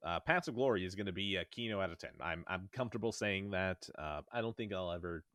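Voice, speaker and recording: A man with a very low voice co-hosts a podcast, blunt and emphatic, swearing casually. His voice is recorded dry and close. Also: fast, fairly bright tone, clean tone, dry recording. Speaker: podcast co-host. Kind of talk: casual chat.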